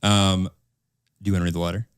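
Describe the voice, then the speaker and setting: A man co-hosting a podcast, telling a personal story in casual chat with an earnest, halting manner. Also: sits low, flat delivery, smooth, no room sound, studio quality. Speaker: podcast co-host.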